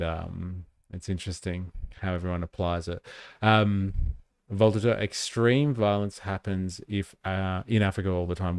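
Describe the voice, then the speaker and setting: A man's voice: deep voice, gravelly, no echo, clean studio sound. A man with a Western Sydney Australian accent hosting a live stream of casual political commentary, rambling through lots of fillers and chatting with viewers.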